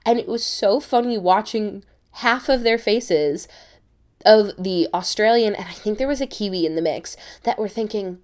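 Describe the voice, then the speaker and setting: A young American woman hosting a podcast, telling a travel story in an animated way with many quick restarts. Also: mid-range voice. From United States. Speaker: podcast host. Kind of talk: casual storytelling.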